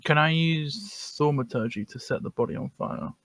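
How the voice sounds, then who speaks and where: A man chats casually as a player in a tabletop game. His voice is gravelly and recorded close and dry. He calls out his actions plainly and adds the odd wisecrack. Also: fairly high pitch, big pitch swings, normal speed, fairly bright tone, no echo.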